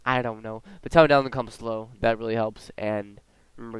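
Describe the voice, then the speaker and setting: A teenage American man giving jokey, excitable commentary as a gaming streamer. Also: medium pitch, quick pace, hardly any pauses, smooth, no echo. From United States. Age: late teens. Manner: excitable, jokey, with sudden yelps and laughs. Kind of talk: let's-play commentary.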